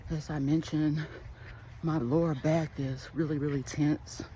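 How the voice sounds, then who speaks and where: A woman's voice: low-pitched, fairly even intonation, unhurried, mellow, slight background noise, low-quality recording. A woman chatting casually to her phone camera in a day-in-the-life vlog, rambling from one thought to the next. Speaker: vlogger and small business owner.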